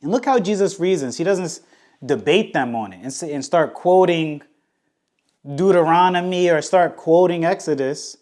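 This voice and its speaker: Male Bible teacher, slightly high voice, casual and emphatic, acts out quotes. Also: moderate pace, darkish tone. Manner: frequent restarts and slang. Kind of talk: teaching talk on scripture.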